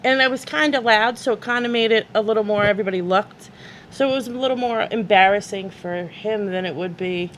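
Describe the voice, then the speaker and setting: A woman guest in casual chat, telling anecdotes loudly with frequent laughs. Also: medium pitch, brisk, a little hiss or hum, low-quality recording.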